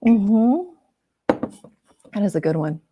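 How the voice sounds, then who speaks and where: Animated laughing woman artist. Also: mid-range voice, very slow, highs cut off, slight background noise. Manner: animated, laughs often, lots of fillers. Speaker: artist guest. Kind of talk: casual conversational chat.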